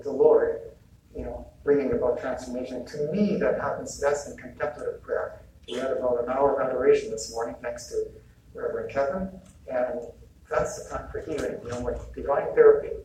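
A man's voice: medium pitch, steady tone, normal speed, warm tone, a little hiss or hum. A man giving an informal spiritual talk about healing, conversational and chuckling often, acting out bits of dialogue. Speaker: retreat speaker. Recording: echoey hall mic from a distance, faint ambience.

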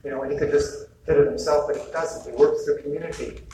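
His voice is fairly high yet dark in tone, level and brisk, as this retreat speaker chats about spiritual healing, chuckling and acting out exchanges. A faraway mic in an echoey hall picks up faint ambience plus a little hiss or hum.

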